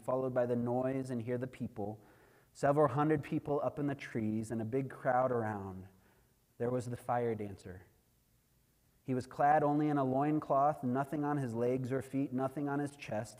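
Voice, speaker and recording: A man preaching as a missionary, telling a dramatic testimony that builds to loud, emphatic peaks. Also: mid-range voice. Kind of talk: sermon testimony. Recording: long hall reverb.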